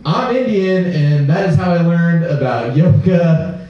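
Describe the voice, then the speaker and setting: Deadpan stand-up comic in an echoey room. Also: male voice, on the high side. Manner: deadpan, self-mocking, slows for punchlines. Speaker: stand-up comedian. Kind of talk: open-mic stand-up set. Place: small comedy venue. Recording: roomy live recording from far off, dull sound.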